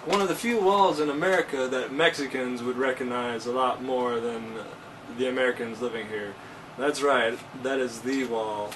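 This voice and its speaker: A man talking to camera in a casual vlog, joking and animated, his voice jumping up in pitch for emphasis. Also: moderate pace. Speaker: vlogger. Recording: distant mic with faint ambient noise.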